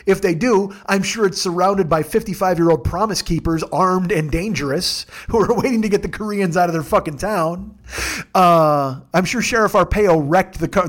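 A man telling casual comedic stories at a friend's house, profane and animated, acting out the dialogue in quick voices. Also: on the high side.

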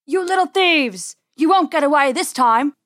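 A woman's voice: fairly high pitch, dry recording, clean studio sound. A woman doing a raging old farmer. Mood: furious. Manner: yelling, slow and drawn-out. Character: angry old male farmer chasing rabbits.

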